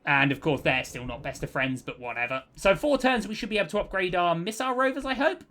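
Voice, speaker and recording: A man's voice: high voice, expressive, quick pace, pushed and bright. A man giving cheerful, chatty commentary over his own strategy gameplay, thinking aloud as he plays. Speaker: let's play host.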